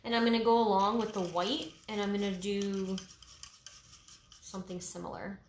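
A woman's voice: mid-range voice, fairly even intonation, normal speed, slight background noise. Easygoing woman teaching painting, roomy sound. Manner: easygoing, lots of fillers like "um" and "like". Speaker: painting instructor. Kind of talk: casual step-by-step painting tutorial. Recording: roomy echo.

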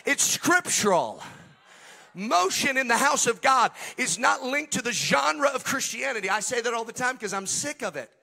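A man preaching a Pentecostal sermon at a church service. He swings between quiet joking asides to the congregation and shouted, sing-song preaching. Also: very high voice, big pitch swings, normal speed, vocal fry. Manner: humorous and talks directly to the congregation.

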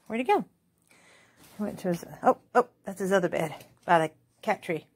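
A woman in her forties with a Southern US accent, filming at home on a phone and talking to her pet in high, playful baby talk. She laughs often. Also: expressive, normal speed, husky. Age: 40s. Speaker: crafting vlogger. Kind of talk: casual home video chat. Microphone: phone held in hand.

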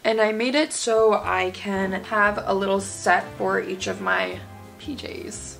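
A woman's voice: mid-range voice, fairly even intonation, slow, creaky, a bit bright, faint music behind. A young woman vlogging in a casual, candid way, sleep deprived and swearing freely as she chats. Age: young adult. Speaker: college student vlogger. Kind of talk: casual vlog chat.

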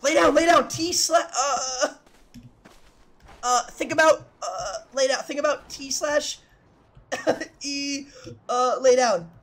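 Excitable high-voiced young man on game chat. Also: unhurried. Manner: excitable, laughing, panicky. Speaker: streamer playing a role-play game.

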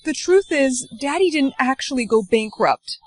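A woman playing parts in a short comedy skit. Her voice sits somewhat high. She delivers her lines earnestly, with a pleading, dramatic edge. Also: lively intonation, moderate pace, no echo. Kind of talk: comedy skit role-play.

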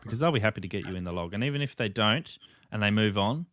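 A man's voice: lowish voice, animated, quick pace, a bit bright, dry recording. A man hosting a casual chat, easygoing, reading viewer comments aloud. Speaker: host.

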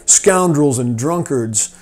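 A man voicing a traveler on horseback who politely asks about a city and grimly describes the rough town he came from. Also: on the high side, lively intonation, takes it slowly. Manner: polite questioning, then grim listing.

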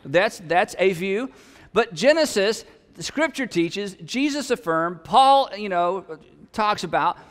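A man's voice: high-pitched, big-room sound. A man preaching a sermon in a conversational, humorous way, with emphatic peaks. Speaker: pastor.

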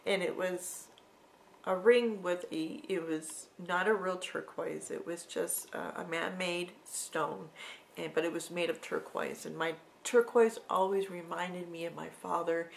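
A middle-aged woman telling an emotional personal story in a vlog, halting and sometimes dropping to a soft whisper. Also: on the low side, steady tone, gravelly. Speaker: vlogger.

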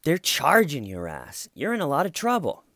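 A man's voice: on the high side, huge pitch swings, moderate pace, sharp tone, no echo, voice pushed up, exaggerated voice. A man acting out a fed-up husband who speaks emphatically and in disbelief. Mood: exasperated. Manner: emphatic, incredulous. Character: exasperated husband, loud, fed up.

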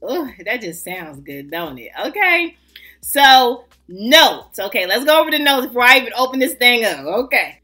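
A woman hosting a casual fragrance review vlog, chatty and excitable, greeting her viewers as family. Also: on the high side, moderate pace, faint music behind. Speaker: fragrance vlogger host.

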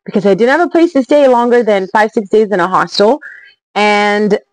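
Energetic woman telling travel stories. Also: medium pitch, moderate pace, dry recording, low-quality recording. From Canada. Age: 40s. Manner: energetic, emphatic, chatty. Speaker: travel vlogger. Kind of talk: motivational storytelling vlog.

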